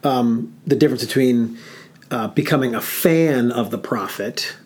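A man co-hosting a relaxed podcast chat. His pitch sits in a middle range. He speaks haltingly, pausing on fillers and restarting his sentences. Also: husky. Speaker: podcast co-host. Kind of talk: casual podcast discussion.

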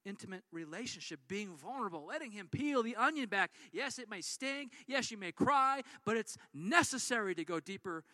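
Animated high-voiced preaching man. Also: moderate pace, few pauses, no echo. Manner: animated storytelling with acted-out quotes. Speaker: pastor. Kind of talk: sermon.

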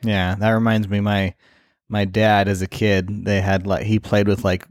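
A man's voice: fairly low pitch, normal speed, no room sound, studio quality. A man co-hosting a casual podcast, teasing his co-host and telling stories with hesitations. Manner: joking, teasing, animated storytelling with hesitations.

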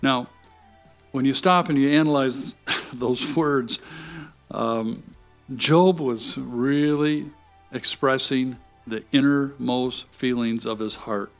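Guy giving a sermon, earnest, reads the verses then explains, soft music under it. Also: medium pitch, slow. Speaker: preacher.

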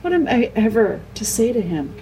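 A woman's voice: a little high, big pitch swings, moderate pace, dark tone, slight background noise, voice pushed up, poor audio. A troubled older girl queen, as a woman reader puts her on, hesitant and faltering. She stumbles as she tries to explain herself. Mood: regretful.

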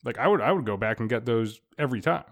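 A man's voice: medium pitch, animated, quick pace, creaky. A man in his thirties co-hosting a casual podcast, talking with dry, wry humor. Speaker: podcast co-host.

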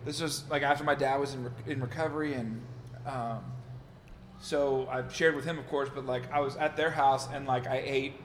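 A man's voice: mid-range voice, fairly even intonation, normal speed. A man hosting a podcast, telling loose, profane stories in casual chat. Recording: reverberant room, faint noise.

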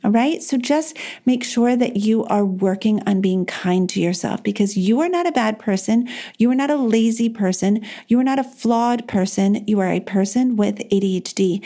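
Mellow-voiced woman hosting an advice podcast. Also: mid-range voice, normal speed. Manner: earnest, encouraging, self-deprecating. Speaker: podcast host.

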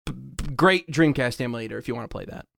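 A young adult man co-hosting a podcast, excitable and laughing, swearing freely. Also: mid-range voice, fast talker, creaky. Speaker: podcast co-host. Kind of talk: casual podcast banter.

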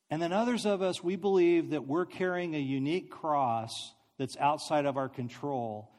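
A man preaching a sermon through animated, self-mocking storytelling. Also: sits high. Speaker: speaker. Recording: long hall reverb.

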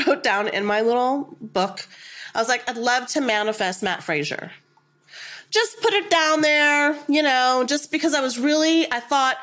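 A woman hosting a podcast, chatting casually and telling stories with frequent laughter. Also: on the high side. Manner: animated storyteller, laughs often. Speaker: podcast host.

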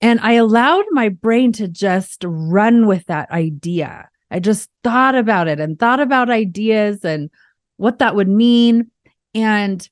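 A woman's voice: medium pitch, no room sound, studio quality. A young adult woman hosting a podcast, giving upbeat, chatty relationship advice and often checking in with "right?". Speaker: podcast host. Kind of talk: casual relationship advice talk.

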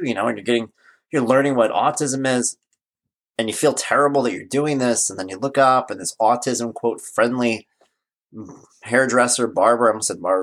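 A man's voice: mid-range voice, fairly bright tone. A man in his forties, a parenting blogger, telling a story in a casual, wry and emphatic way, often repeating himself for emphasis. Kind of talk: casual vlog monologue.

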